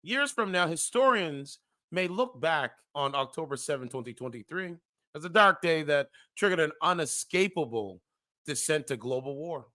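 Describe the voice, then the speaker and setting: A man's voice: a little high, expressive, normal speed, bright, forceful tone. A man hosting a casual commentary show, reading an article aloud and stumbling over words, correcting himself, and breaking off into slangy asides.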